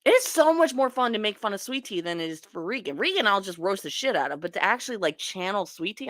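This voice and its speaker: Animated teasing woman streamer. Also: mid-range voice, no echo. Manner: animated, teasing, quick asides. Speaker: livestream host. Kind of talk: casual roast chat.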